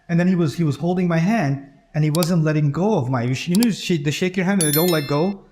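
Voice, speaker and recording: A man's voice: a little high, fast talker, a little mellow. A man preaching a sermon in a conversational way, acting out the people in his stories. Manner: conversational, acts out quoted dialogue.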